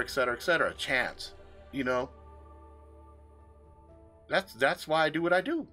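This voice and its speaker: A man's voice: fairly high pitch, sharp tone. A man venting on his livestream in a room full of his gear, casual and profane, with emphatic swearing. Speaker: livestream host.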